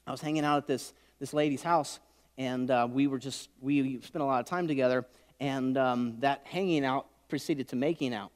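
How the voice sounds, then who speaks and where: A middle-aged man preaching a sermon, swinging from loud shouts to soft whispers. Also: medium pitch, steady tone, moderate pace. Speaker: pastor. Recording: long hall reverb.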